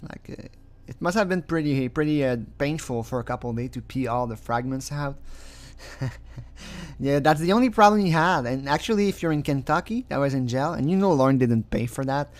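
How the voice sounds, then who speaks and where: A man's voice: medium pitch, lively intonation, fairly quick. Sarcastic non-native English-speaking man. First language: not English. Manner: sarcastic, mocking, laughs often. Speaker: commentator. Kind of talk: casual commentary.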